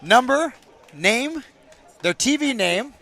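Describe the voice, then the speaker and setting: A man calling a game from a commentary booth on a booth microphone, joking with his co-host and bursting loud on big plays. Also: very high voice, expressive, takes it slowly, gravelly, some chatter behind, slight background noise. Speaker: sports commentator. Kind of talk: play-by-play commentary with banter.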